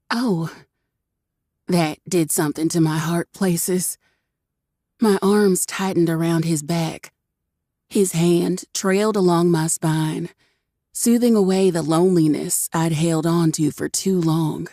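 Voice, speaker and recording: A woman narrating a first-person audiobook with wry, expressive storytelling. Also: sits low, unhurried, no room sound, studio quality.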